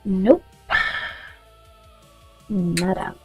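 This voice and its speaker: A woman's voice: medium pitch, extremely slow, mellow, husky, dry recording, faint music behind, poor audio. A woman chatting casually while coding on stream, rambling through stories and swearing freely.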